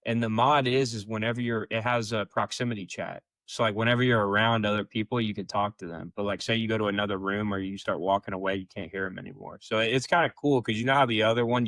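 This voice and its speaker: A man's voice: on the low side, fairly bright tone, no room sound. A young man co-hosting a podcast, telling casual, rambling stories full of fillers. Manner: rambling, filler-heavy storytelling. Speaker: podcast co-host. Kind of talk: casual storytelling chat.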